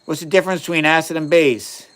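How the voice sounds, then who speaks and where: A man's voice: on the high side, fairly even intonation, quick pace, fairly bright tone. A man in his fifties hosting a casual livestream, doing chemistry experiments and answering viewers' questions with enthusiasm. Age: 50s. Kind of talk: casual live-stream chat while doing experiments.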